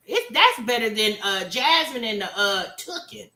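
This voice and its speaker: A woman hosting a livestream, ranting at a viewer in an animated, exasperated way. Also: a little high, normal speed, few pauses. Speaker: host. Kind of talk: livestream commentary. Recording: roomy echo.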